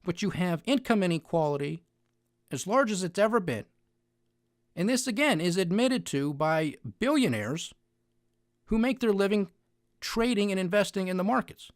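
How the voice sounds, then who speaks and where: A man's voice: high-pitched, animated, moderate pace, pauses often, no echo, studio quality. A man giving an opinionated monologue on finance news, sarcastic and mocking, with heavy emphasis.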